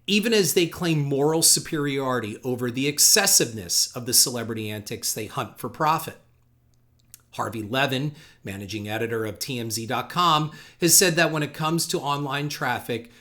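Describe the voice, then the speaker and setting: Male podcast host, sardonic reader with mock emphasis, average pitch. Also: pushed and bright. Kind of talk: reading quotes aloud with commentary.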